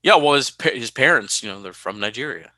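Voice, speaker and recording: A man from California co-hosting a casual podcast, animated and quick to laugh as he reads listener mail. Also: medium pitch, dry recording. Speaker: podcast co-host.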